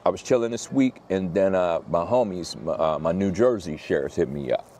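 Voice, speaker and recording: Casting: male pastor, deep mellow voice, casual slangy sermon storytelling. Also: brisk, slight background noise. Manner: laid-back slang-heavy preaching, lively when retelling.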